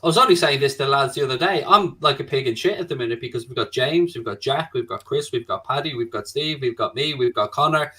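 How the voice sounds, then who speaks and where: A man talks quickly in a bright, forceful voice. He hosts a casual live stream from his own small studio, chatty and swearing freely. He reads viewer questions aloud. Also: mid-range voice. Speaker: stream host.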